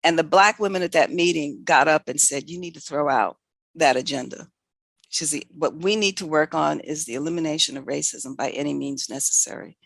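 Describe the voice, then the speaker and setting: Older woman, gravelly, telling stories. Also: deep voice, fairly quick, no room sound. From New York City. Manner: animated, self-correcting anecdotes with quoted dialogue. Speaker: veterinarian guest. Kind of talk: candid conversational storytelling.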